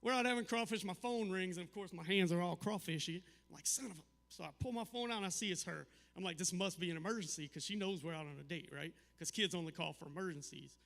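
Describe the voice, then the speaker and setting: A middle-aged man doing a stand-up set, telling crude family stories with deadpan punchlines. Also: high-pitched, fast, creaky, hardly any pauses, in a large hall. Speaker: stand-up comedian. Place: live comedy venue.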